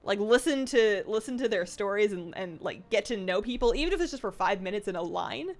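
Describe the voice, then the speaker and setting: A woman's voice: mid-range voice, expressive, a little fast. Chatty woman livestreamer rambling to viewers. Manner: rambling, self-deprecating, frequent fillers and restarts. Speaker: livestream host. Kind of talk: casual chat reading viewer comments. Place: home apartment.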